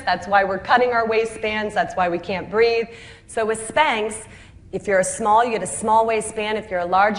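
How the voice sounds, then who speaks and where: A woman telling the story of how she built her business, lively and laughing at her own anecdotes. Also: fairly high pitch. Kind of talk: storytelling talk. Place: home city Atlanta.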